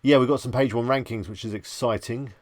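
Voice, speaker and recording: A man's voice: mid-range voice, fairly quick, a little mellow, no echo. A man hosting a live stream, chatting with viewers in an easygoing, rambling way. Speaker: livestream host. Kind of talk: casual live-stream chat.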